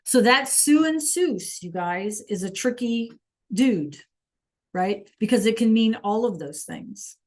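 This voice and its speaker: A woman's voice: on the high side, lively intonation, slow, a little mellow. A woman teaching an online Spanish class over a video call, encouraging students to answer in the chat.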